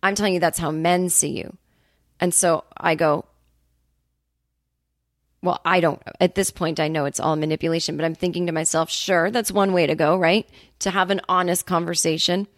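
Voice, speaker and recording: A woman with a lowish speaking voice tells a long, rambling story with profane, sarcastic asides. The sound is dry and close, with no room around her. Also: no room sound. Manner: animated storyteller, quick asides. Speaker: comedian podcast host. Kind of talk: casual solo monologue.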